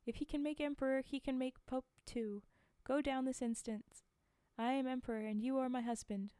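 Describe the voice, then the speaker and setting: A woman's voice: high voice, fairly even intonation, normal speed, warm tone, smooth, dry recording, lightly acted. A woman voicing a greedy, domineering fisherman's wife in a storybook reading, in her plain voice. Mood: demanding.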